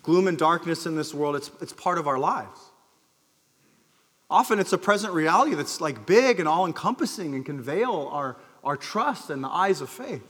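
A man preaching a sermon as pastor, earnest, rising to emphatic calls and dropping low again. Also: expressive, moderate pace, a bit bright, slightly rough, big-room sound. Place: church sanctuary.

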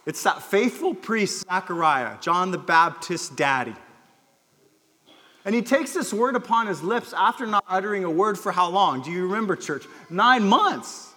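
A man preaching a sermon as pastor, earnest, rising to emphatic calls and dropping low again. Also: animated, normal speed, pushed and bright, big-room sound. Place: church sanctuary.

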